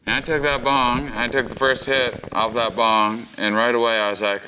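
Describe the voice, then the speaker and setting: A man telling a comic story, animated and acting out the voices, jumping high when he plays his own panic. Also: normal speed, few pauses, soft background music. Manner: animated, acts out voices, big pitch jumps for panic. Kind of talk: comedic storytelling.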